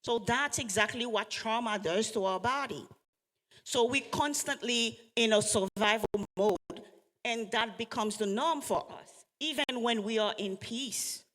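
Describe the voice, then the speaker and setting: Woman speaker, unhurried, earnest, questions the audience, reverberant event hall. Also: mid-range voice, fairly bright tone. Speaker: speaker giving a talk on trauma. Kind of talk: motivational talk to a live audience.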